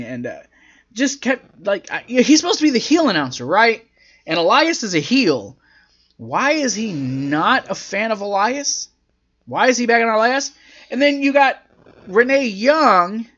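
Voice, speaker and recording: A man reviews a wrestling show in a casual, profanity-laced rant, his voice sharp and bright. His pitch swings widely as he vents, and the recording has a dull, lo-fi quality.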